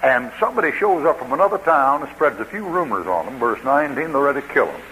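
A man's voice: mid-range voice, very animated, quick pace, bright, forceful tone, slight background noise, low-quality recording. A man preaching a sermon in a folksy, joking way, acting out what people say.

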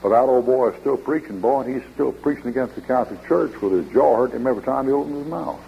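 A man's voice: medium pitch, quick pace, creaky, slight background noise. A man preaching a sermon, telling folksy stories and reading scripture aloud. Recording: dull lo-fi old radio broadcast.

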